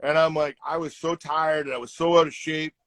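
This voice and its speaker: A man's voice: on the high side, fairly quick, no echo, low-quality recording. A middle-aged man, a retired hockey player, telling stories casually in an interview and acting out the quotes in them. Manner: animated, acts out quotes in his stories. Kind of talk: casual storytelling.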